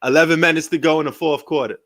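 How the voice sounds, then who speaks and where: A man's voice: on the high side, steady tone, fast, a bit bright. A man, casually commentating a basketball game live, rambling and joking and laughing often. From New York. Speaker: sports live-stream host.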